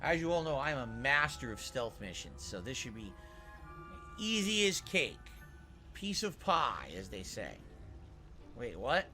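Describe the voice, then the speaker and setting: A man streaming a video game, chatting casually and swinging from loud excited outbursts to low muttering. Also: moderate pace, soft background music. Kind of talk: casual gameplay commentary.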